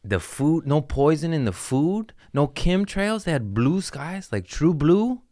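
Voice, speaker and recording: A man's voice: a little high, sing-song, measured pace, mellow, no room sound, studio quality. A man hosting a comedy podcast, rambling through crude, jokey stories in a casual monologue.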